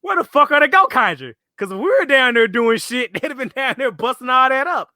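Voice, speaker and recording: A man co-hosting a casual fan podcast, animated, swearing freely and acting out villains' lines. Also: extremely high pitch, fairly quick, no room sound, clean studio sound. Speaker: podcast co-host.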